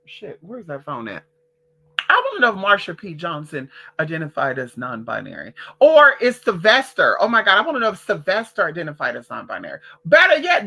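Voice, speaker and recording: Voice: medium pitch, huge pitch swings, brisk, gravelly, pushed and bright, husky. A vlogger ranting casually to the camera, sassy and profane, who calls listeners girl and honey and hammers phrases by repeating them.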